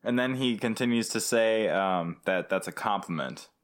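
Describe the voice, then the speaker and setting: A man co-hosting a casual comedy podcast, sarcastic and deadpan, swearing freely. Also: on the low side, normal speed. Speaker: podcast co-host. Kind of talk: casual comedic recap chat.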